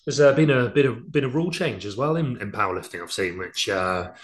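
A man's voice: medium pitch, expressive, brisk, noisy background. A man hosting a podcast, chatting casually with hesitant restarts and frequent agreement. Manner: hesitant, repeats words, agreeable. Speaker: podcast host.

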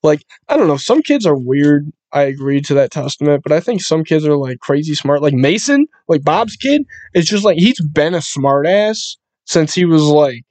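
This young man hosts a podcast and tells his stories in lively, casual chat, swearing freely and jumping into other people's voices. His voice sits fairly high, and the recording is dry and close, with little room sound. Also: normal speed, few pauses, no room sound. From Buffalo area, US. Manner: animated storyteller, swears often, acts out quoted voices in a high pitch. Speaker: podcast host.

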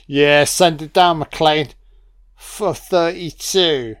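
A drunk man rambling and swearing excitedly through a film commentary. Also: on the high side, a little slow, smooth, no echo, studio quality. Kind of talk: audio commentary over a film.

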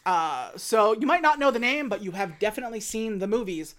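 Woman, casual movie chat, medium pitch, self-deprecating, lots of fillers. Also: expressive, fairly quick. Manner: chatty, self-deprecating, many fillers and restarts. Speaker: podcast co-host reviewing movies.

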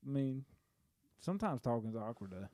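A man's voice: mid-range voice, big pitch swings, moderate pace, mellow, no room sound, clean studio sound. A man in casual chat, rambling and joking loosely with friends.

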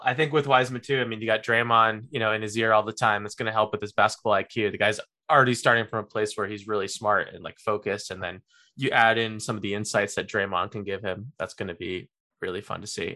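Chatting about his basketball and football picks, a male podcast host keeps things easygoing in a casual sports chat. He has a lowish voice with a bright, forceful tone.

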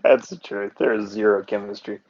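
A man's voice: lowish voice, fairly even intonation, a little fast, darkish tone, highs cut off. A man co-hosting a podcast, adding wry comments in casual chat. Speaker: podcast co-host.

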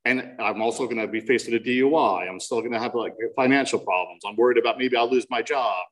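A man's voice: medium pitch, fast talker, recorded from a distance, low-quality recording. A man in his forties from New Jersey shares his recovery story at a meeting. He speaks candidly and mocks himself with wry humor. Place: meeting room.

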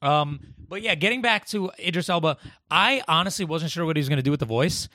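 A man co-hosting a casual podcast chat, animated and quick to argue, swearing freely. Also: fairly high pitch, dry recording, studio quality. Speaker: podcast co-host.

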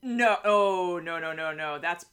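A woman co-hosting a podcast in casual chat. Her talk is animated and often breaks into laughter, with plenty of filler words between thoughts. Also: on the low side, a little slow, clear, resonant tone. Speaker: podcast co-host.

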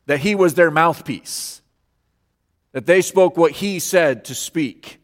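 A man's voice: a little high, unhurried. A man preaching a sermon as pastor, earnest and emphatic, repeating key phrases for weight. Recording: long hall reverb.

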